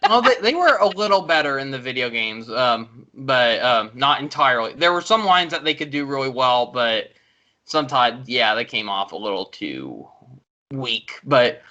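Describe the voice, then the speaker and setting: A man's voice: mid-range voice, big pitch swings, moderate pace, sharp tone, lo-fi sound. A man chatting casually about video games, rambling with many ums and likes. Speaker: video reviewer and co-host.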